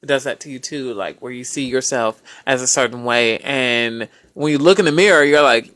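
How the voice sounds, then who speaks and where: A woman's voice: extremely low pitch, moderate pace, a bit bright, dry recording. Chatty woman co-host, dry close sound. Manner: responsive, laughs along. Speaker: podcast co-host. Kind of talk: casual chat.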